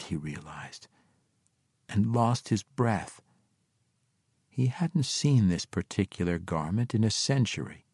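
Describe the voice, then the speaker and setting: Man, fantasy audiobook narration, low voice, dry close recording. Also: no room sound. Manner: measured, even storytelling.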